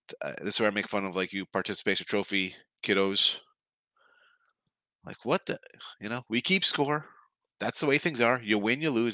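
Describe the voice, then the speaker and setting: Gruff ranting sports betting host, a man. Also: medium pitch, sharp tone, dry recording. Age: older. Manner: gruff, sarcastic and scolding, with repeated short jabs.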